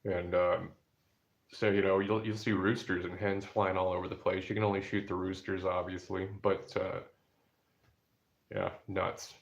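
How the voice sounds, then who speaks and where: A man's voice: sits low, little pitch movement, normal speed, vocal fry. A man chatting casually about outdoor trips and family, rambling with many fillers and restarts. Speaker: outdoor vlogger. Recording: dull lo-fi recording.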